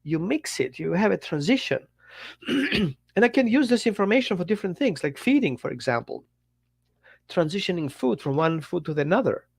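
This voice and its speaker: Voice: mid-range voice, sing-song, moderate pace, creaky, slightly rough. A dog trainer talking bluntly on a podcast, acting out little dialogues. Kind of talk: podcast monologue.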